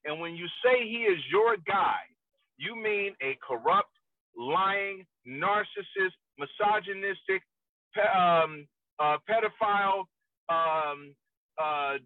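A man's voice: high voice, slow pace, no room sound. A man in casual political chat, talking emphatically and repeating points, often saying bro. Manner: emphatic, repetitive, says bro. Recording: tinny phone-like line.

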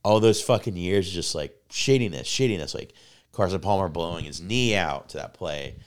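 A man with a deep, low voice co-hosts a laid-back podcast. He rambles through stories with loose filler words and frequent swearing, his excitement building as he goes. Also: moderate pace. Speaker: podcast co-host. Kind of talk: casual chat.

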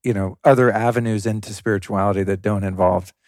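A podcast host conducts an interview conversation, asking thoughtful questions, searching for words, and using many fillers. His voice is lowish and darkish with a steady tone, and he speaks fast. The audio is studio quality with no room sound.

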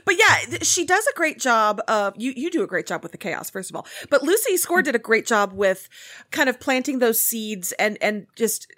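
A woman's voice: fairly high pitch, sing-song, moderate pace, a bit bright. A woman co-hosting a podcast in casual chat, playful and teasing, laughing often. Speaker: podcast co-host.

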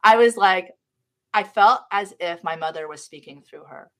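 A middle-aged woman, a guest author, telling a story in an interview in an expressive way, with many restarts. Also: mid-range voice, moderate pace. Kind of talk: storytelling in a live-streamed interview.

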